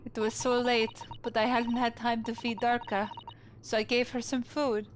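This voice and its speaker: A woman voicing a frightened young woman with a hushed Russian accent in a game playthrough. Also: fairly high pitch, flat delivery, moderate pace, noisy background, natural voice. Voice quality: breathy, trembling, hushed. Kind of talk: let's play voice acting of game text. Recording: game music underneath.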